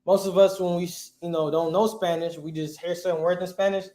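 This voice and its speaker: A man's voice: high voice, flat delivery, brisk, warm tone. A man teaching a class in a casual, slangy way, quizzing his students. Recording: echoey room.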